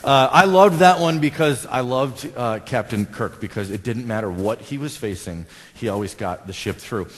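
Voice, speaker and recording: A man's voice: mid-range voice, moderate pace, few pauses. Male American pastor, chatty sermon delivery with questions to the pews, long church reverb. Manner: conversational, asks the congregation questions. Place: church sanctuary.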